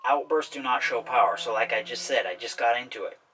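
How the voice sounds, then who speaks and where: A man's voice: mid-range voice, brisk, sharp tone, far from the mic, a little hiss or hum, low-quality recording. A man hosting a self-help talk in a casual explainer style, often checking in with "okay?". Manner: repetitive, keeps asking "okay?". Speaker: self-help video host.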